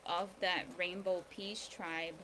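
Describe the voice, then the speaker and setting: A woman hosting a daily video series, talking casually and hesitantly about law and spirituality, with many pauses and ums. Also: lowish voice, level tone. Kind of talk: casual spiritual and legal talk. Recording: outdoor ambience with rain noise. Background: rain, birds.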